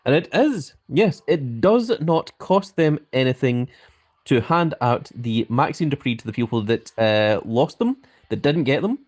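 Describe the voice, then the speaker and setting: A Scottish man hosting a live stream, his pitch swinging up and down as he talks. He speaks with a grand manner and sounds out every word with care. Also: lively intonation, a little slow, a little mellow, breathy edge. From Scotland. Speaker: mobile game live streamer. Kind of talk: live stream chat reading.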